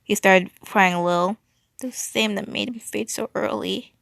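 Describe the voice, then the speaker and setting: A woman's voice: mid-range voice, steady tone, moderate pace, gravelly, a bit bright, dry recording, clean studio sound. A woman reading fan fiction aloud, stumbling and restarting, with a wry tone.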